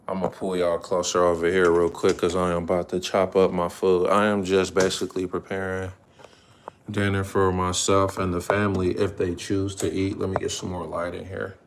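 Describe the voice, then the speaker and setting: A man's voice: sits low, a bit bright, roomy sound, slight background noise. A man hosting a casual livestream from his home kitchen, chatting easily with viewers while he cooks. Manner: laid-back, chatty, talks to viewers in chat. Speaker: livestream host.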